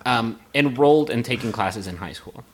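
A man's voice: mid-range voice, animated, moderate pace. A man co-hosting a casual comedy podcast, joking crudely with friends. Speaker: podcast co-host.

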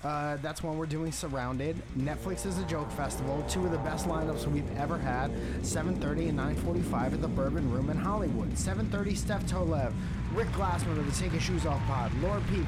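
Brief: male podcast host, joking, plugs shows, a bit high-pitched, music loud behind. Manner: quick, joking, rattles off lists. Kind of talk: casual chat, plugging shows.

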